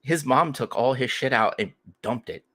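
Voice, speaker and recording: A man co-hosting a podcast in casual chat, telling stories in a crude, animated, profane way. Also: medium pitch, moderate pace. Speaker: podcast co-host.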